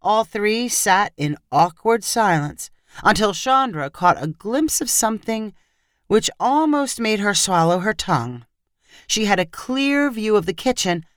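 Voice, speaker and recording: A woman narrating a story aloud with clear, expressive reading. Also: mid-range voice, no echo, studio quality.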